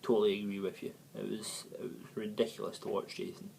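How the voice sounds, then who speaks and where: A man's voice: lowish voice, monotone, fast, gravelly, darkish tone, rough recording. Rambling man hosting a fan channel. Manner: rambling, chatty, self-correcting. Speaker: football fan channel host. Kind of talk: casual rambling video commentary.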